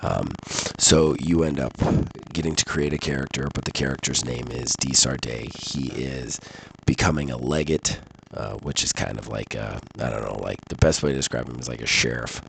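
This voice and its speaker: A sick man talks through a game review in an extremely low, heavily gravelly voice. His words come congested and rambling, full of fillers and restarts. A faint hiss sits under the recording. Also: normal speed.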